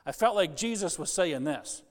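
A pastor in his sixties preaching a sermon, an animated storyteller who jokes with his congregation. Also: fairly high pitch, moderate pace. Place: church sanctuary. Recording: long church reverb.

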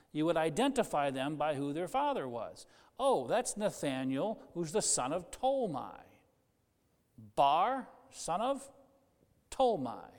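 A preacher with a fairly high voice gives a relaxed, joking sermon, breaking off into asides and restarting his sentences. His voice rings with long reverb in a church sanctuary. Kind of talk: conversational sermon.

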